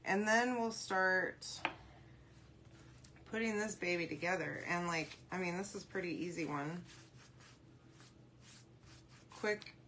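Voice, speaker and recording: A woman's voice: lowish voice, takes it slowly, pauses often, fairly bright tone, slight background noise. Chatty woman painting on camera. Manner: chatty, rambling, talks to viewers while painting; answers live comments aloud. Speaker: craft video host. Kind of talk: casual crafting tutorial.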